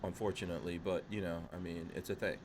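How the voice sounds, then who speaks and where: A man hosting a casual livestream podcast, reading out viewer comments in a relaxed manner. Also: deep voice, quick pace, background noise. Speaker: podcast host.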